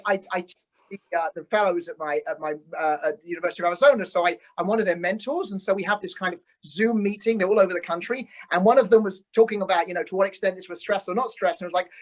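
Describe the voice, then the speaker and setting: A man's voice: high voice, fast talker, rough recording. Earnest male physician guest explaining. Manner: earnest, explanatory, repeats words as he starts sentences. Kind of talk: conversational podcast interview.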